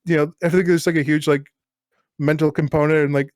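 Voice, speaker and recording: Podcast co-host, male, slightly high voice, rambling filler-heavy chat, dry close sound. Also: little pitch movement, fairly quick, a little mellow, dry recording. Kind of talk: casual chat.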